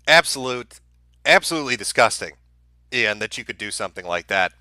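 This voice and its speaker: Bright-voiced heated male streamer. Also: medium pitch, lively intonation, a little fast, dry recording. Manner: heated, profane, sarcastic rant. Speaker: streamer host. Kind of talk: live-stream commentary.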